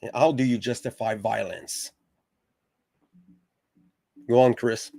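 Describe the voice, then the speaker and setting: A man talking slowly and heatedly on a podcast, swearing freely and tripping over his own restarts. His voice sits mid-pitch and comes across dry and close. He sounds like a host making a point he cares about. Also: steady tone, creaky, mellow, dry recording. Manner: profane, passionate, halting with restarts. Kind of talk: heated casual discussion.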